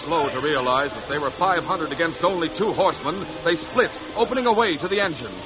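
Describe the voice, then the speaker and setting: Dramatic old-radio narrator. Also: male voice, a little high, lively intonation, brisk, music in the background. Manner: dramatic, vivid storytelling. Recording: dull old radio, loud hiss.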